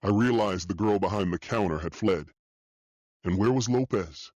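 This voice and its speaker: A man narrating a thriller audiobook in the first person, steady and matter-of-fact. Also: lowish voice, normal speed, no room sound. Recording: dull dry studio audio.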